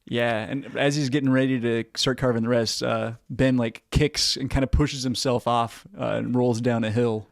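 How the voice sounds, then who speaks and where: A man's voice: medium pitch, fairly even intonation, normal speed, gravelly, hardly any pauses, no echo, clean studio sound. A man co-hosting a podcast, adding to a film recap with laid-back, crude banter. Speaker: podcast co-host. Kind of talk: casual horror film review chat.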